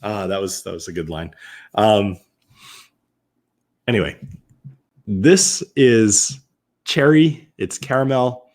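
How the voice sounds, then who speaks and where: A man from Massachusetts hosts a relaxed live-stream tasting in a fairly low voice. He talks loosely and chattily, trips over words, and corrects himself mid-sentence while answering viewers. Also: slow, long pauses. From Massachusetts, USA. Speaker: whiskey reviewer hosting a live stream.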